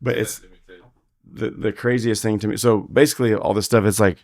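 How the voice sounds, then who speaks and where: A man's voice: lowish voice, steady tone, brisk, gravelly, darkish tone, no room sound. A man who is a rodeo roper and father, a podcast guest telling blunt, profane stories full of quoted dialogue in a casual interview.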